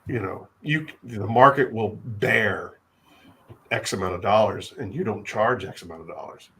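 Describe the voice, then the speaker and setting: A man's voice: fairly low pitch, fairly bright tone. A man hosting a livestream who talks with feeling and often stops and repeats words. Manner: halting, repeats words when moved. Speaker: livestream host. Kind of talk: emotional livestream chat.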